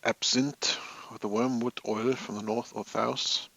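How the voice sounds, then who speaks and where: A man's voice: mid-range voice, steady tone, unhurried, vocal fry, a bit bright, no echo. A man hosting a live hobby stream from his home office, chatting casually with viewers in a rambling, amused way. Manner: rambling, chatty, laughs at his own stories.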